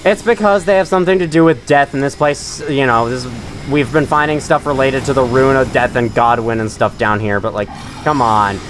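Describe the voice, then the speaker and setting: A man's voice: mid-range voice, steady tone, normal speed, a bit bright, slight background noise. A man chatting through his own gameplay as host of a let's play, joking and often laughing. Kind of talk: gaming commentary.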